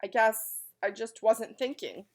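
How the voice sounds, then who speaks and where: A woman's voice: on the high side, expressive, a little slow, darkish tone. A woman voicing a polite, puzzled young boy in a storybook reading, close to her own voice.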